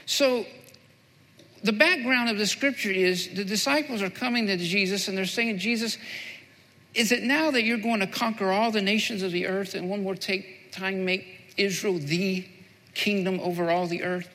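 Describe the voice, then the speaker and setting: A man's voice: high voice, normal speed, sharp tone, in a large hall. A male pastor preaching a sermon, repeating key phrases and building to fervent emphasis.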